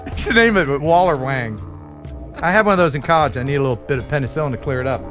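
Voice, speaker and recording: A man's voice: medium pitch, racing, soft background music. A man from the USA hosting a casual live stream chat, joking and restarting his sentences. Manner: chatty, joking, prone to restarts. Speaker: live stream show host.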